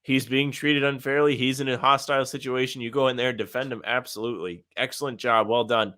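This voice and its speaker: Podcast guy going off about the game, animated and sarcastic, tense bright tone. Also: mid-range voice, fast talker. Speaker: podcast co-host. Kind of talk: casual sports chat.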